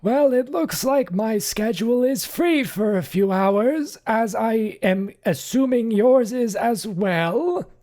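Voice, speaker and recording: Stiff, flustered gentleman with a cane, clipped and halting, voice strained high; a woman puts him on. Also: lively intonation. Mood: stiffly polite. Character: flustered stiff formal man, cane-bearing.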